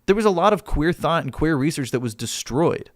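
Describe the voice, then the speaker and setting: A man's voice: on the high side, animated, fairly quick, no echo, clean studio sound. A male livestreamer arguing with his chat, heated and exasperated, swearing as he reads out and answers comments. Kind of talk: live stream chat argument.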